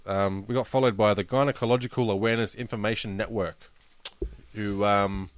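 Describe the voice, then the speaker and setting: An Australian man with a somewhat low voice talks crudely in a casual podcast chat. He swears freely and laughs at his own jokes. The sound is dry and close. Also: fairly even intonation, a little fast, dry recording. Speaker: podcast co-host.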